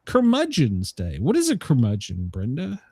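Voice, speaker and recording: In a medium-pitched voice at an ordinary speed, a male podcast host shares stories in easygoing conversation. He chuckles throughout and acts out other people's dialogue with animation.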